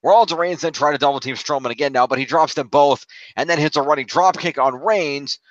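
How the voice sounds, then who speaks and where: A man recapping a wrestling match play by play for a podcast, steady and full of "uh" fillers. His voice comes through a dull, muffled mic in a dry, close space. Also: fairly high pitch, brisk, no echo. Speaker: podcast co-host.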